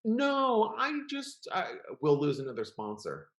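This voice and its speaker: A man's voice: on the high side, huge pitch swings, unhurried, fairly bright tone. A man co-hosting a podcast in casual chat, joking and laughing often. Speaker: podcast co-host. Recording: roomy echo.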